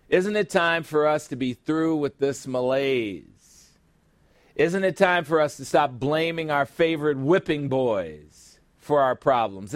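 A man's voice: on the high side, no echo. A middle-aged man pastor preaching a sermon, asking rhetorical questions and calling out for an amen.

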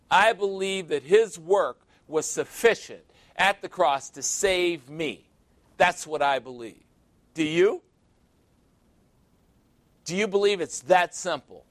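A man's voice: high-pitched, fairly bright tone, dry recording. A man preaching a sermon verse by verse, conversational and teasing, asking his listeners questions. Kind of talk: sermon, verse-by-verse Bible teaching.

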